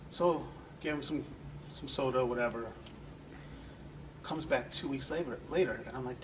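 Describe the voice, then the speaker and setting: A man's voice: medium pitch, moderate pace, pauses often, recorded from a distance, a little hiss or hum, poor audio. A man guest in an interview, telling earnest, rambling stories and acting out the people he quotes. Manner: earnest, rambling storyteller who acts out quoted voices. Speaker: guest, entertainment center manager. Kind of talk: conversational storytelling interview.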